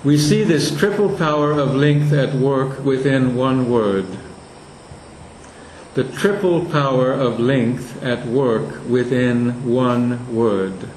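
A man teaching a lesson on verse meter, slowly sounding out and repeating words to show where the stress falls. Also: medium pitch, darkish tone, roomy sound, a little hiss or hum, low-quality recording.

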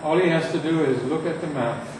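A man teaching how to read verse aloud, reciting lines slowly and with heavy emphasis, recorded from far off in an echoey room. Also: on the high side, background noise. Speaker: poetry teacher. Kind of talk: lecture on reading verse aloud.

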